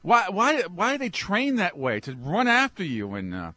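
Brief: high, bright-voiced male host on a comic rant, dry close sound. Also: normal speed, hardly any pauses, no room sound. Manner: exasperated, animated, swings from mutters to yelps. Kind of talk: comic ranting monologue.

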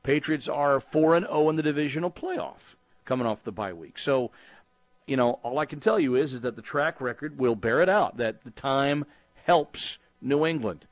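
A man's voice: mid-range voice, lively intonation, moderate pace, dry recording, muffled recording. A middle-aged man from Texas hosting a sports talk call-in show, speaking in a rambling, conversational way with frequent restarts and fillers. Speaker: sports radio host.

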